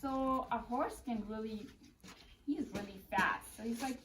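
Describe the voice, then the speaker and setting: A woman's voice: fairly high pitch, unhurried, slight background noise. A young woman teaching preschool, reading a picture book aloud to her class and keeping order with patient firmness. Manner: patient, firm classroom management with expressive read-aloud. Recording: roomy classroom, mic far off.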